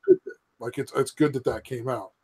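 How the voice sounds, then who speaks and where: A man's voice: medium pitch, normal speed, a loud crowd, low-quality recording. A man hosting a casual podcast, rambling and hedging with "I mean" and "like," swearing freely. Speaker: podcast host. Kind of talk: casual profane chat.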